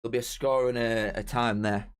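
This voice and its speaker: A young man chatting casually on a live stream as host, excitable and bantering straight to his viewers. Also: medium pitch, a little fast, clean tone. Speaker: streamer hosting a live watch-along.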